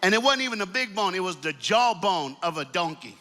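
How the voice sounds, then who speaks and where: A man speaks to a large audience in high, bright tones, telling his story with animated call-and-response. His voice carries a long reverb, as in a big hall. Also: brisk. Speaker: youth speaker. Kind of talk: energetic preaching to a crowd.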